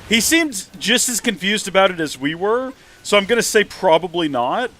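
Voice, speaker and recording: A man's voice: sits high, sing-song, normal speed, sharp tone. A man hosting a live game stream, chatting and joking about himself as he plays. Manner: chatty, joking, self-deprecating. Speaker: host, gamer.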